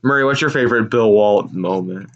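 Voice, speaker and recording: A man hosting a casual live reaction stream, telling rambling, animated stories. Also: fairly low pitch, a little fast, dull audio. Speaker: sports live-stream host.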